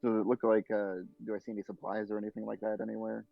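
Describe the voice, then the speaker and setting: Gravelly, low-voiced man at the table. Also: monotone, fast talker, no echo, muffled recording, soft background music. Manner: easygoing, hesitant. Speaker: player.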